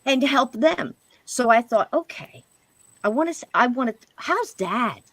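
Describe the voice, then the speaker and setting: Middle-aged woman chatting away, animated storyteller, voice goes up when she quotes folks, dry close mic. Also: a little slow, dry recording. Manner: animated, jumps to higher pitch when quoting others. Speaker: podcast guest. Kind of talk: casual storytelling.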